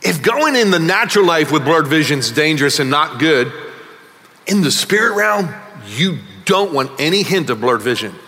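High bright-voiced pastor guy preaching hard, loud bursts then quiet bits, long church reverb. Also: sing-song, normal speed. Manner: emphatic preaching, swings between loud bursts and quiet asides. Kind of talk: sermon. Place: large church hall.

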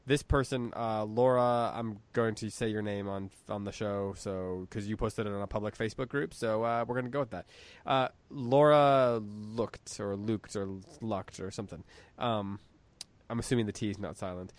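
A man's voice: lowish voice, fairly even intonation, normal speed. An American man hosting a podcast, reading listener questions in casual chat, easygoing and chuckling often. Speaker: podcast host.

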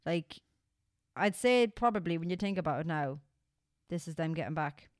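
A young Irish woman chatting on a podcast, her voice sitting a little low. She talks in an animated, casual way and swears freely. The sound is dry and close to the mic. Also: normal speed, no room sound. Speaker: podcast co-host. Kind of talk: casual chat.

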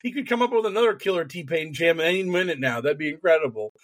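A man co-hosting a comedic podcast, talking in an animated, sarcastic way with lots of swearing. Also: fairly high pitch, quick pace. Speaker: podcast co-host. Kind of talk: casual comedic chat.

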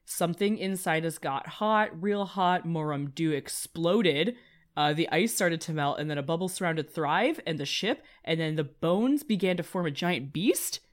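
A woman's voice: on the low side, animated. A woman player recapping a tabletop game in casual chat, rambling and swearing freely. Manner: swearing, rambling, quick asides.

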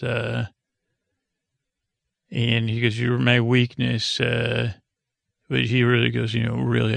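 A man talks in a slow, meandering way, filling pauses with ums and casual slang. His voice is heavily fried and gravelly, with a flat, even pitch. The recording is dry and close. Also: no echo. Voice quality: gravelly vocal fry. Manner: meandering, many fillers, paraphrases scenes in casual slang. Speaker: podcast host. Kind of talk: rambling sleepy recap.

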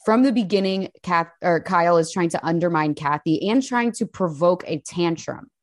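A woman co-hosting a podcast, telling stories in a casual, animated way. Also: on the low side, normal speed, no echo, clean studio sound. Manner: animated storyteller, mimics people. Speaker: podcast co-host. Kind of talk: casual chat.

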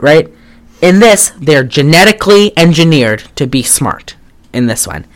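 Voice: medium pitch, animated, moderate pace, fairly bright tone. A podcast co-host recapping a film in casual chat, rambling with lots of "like" and wry, sarcastic asides. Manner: trails off and restarts often.

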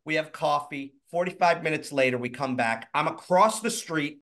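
A man with a fairly high voice spins a casual personal story. He is animated, slips into different voices for what others said, and swears freely. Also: normal speed. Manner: animated, acts out quotes in shifting voices. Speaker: guest telling a personal story.

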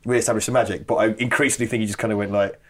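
A man's voice: fairly low pitch, steady tone, very fast. A man co-hosting a comedy podcast, rambling through stories, laughing and swearing in casual chat. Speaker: podcast co-host.

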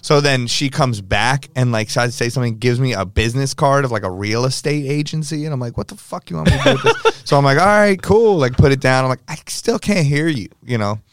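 Smooth-voiced man telling club stories. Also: medium pitch, a little fast, hardly any pauses. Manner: animated storyteller acting out quotes, swears casually. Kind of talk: casual podcast chat.

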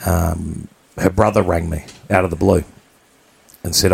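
A man's voice: sits low, flat delivery, a little slow, creaky, husky. A man from New Zealand, co-hosting a podcast, telling a personal story in a candid, blunt, rambling way. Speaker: podcast co-host.

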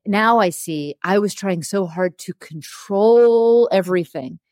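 A woman's voice: mid-range voice, measured pace, darkish tone, no echo, studio quality. A woman speaking as an interview guest, telling a personal story in a frank, emotional way and laughing through hard memories. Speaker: interview guest, television producer. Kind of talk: candid conversational storytelling.

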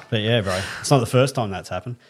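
A man co-hosting a podcast, telling crude stories in a casual, swear-heavy chat. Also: on the low side. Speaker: podcast co-host.

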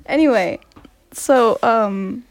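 A rambling, giggly American woman hosts a loose podcast chat from a study at home. Her voice sits a little high. She keeps laughing, wandering off topic and saying sorry. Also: slow pace. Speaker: podcast host. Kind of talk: casual chat.

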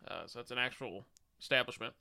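Clear-voiced man recapping a film plot. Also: medium pitch, fast, bright, forceful tone. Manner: narrates plot beats with dry asides. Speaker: podcast host recapping the film. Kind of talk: casual film recap chat.

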